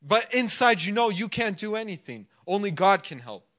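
High-voiced man preaching casually. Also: sing-song, normal speed, fairly bright tone. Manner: conversational, filler-heavy, acts out inner thoughts. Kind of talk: casual sermon.

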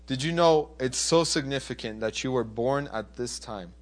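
A man preaching a sermon with passion, swinging from loud urgent appeals to hushed storytelling. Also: mid-range voice, normal speed.

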